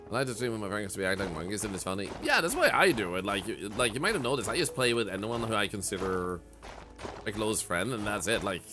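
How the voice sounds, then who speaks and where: A man's voice: lowish voice, very animated, fast talker. A man streaming a game, chatting casually and reflectively with viewers, with many "like" fillers. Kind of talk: casual live-stream chat. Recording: game music under the voice. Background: game music.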